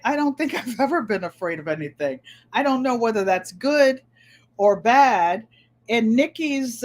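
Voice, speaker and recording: An older woman with a New England accent, chatting casually through tag questions and telling stories with easy laughs and repeated words. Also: fairly high pitch. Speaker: vlogger.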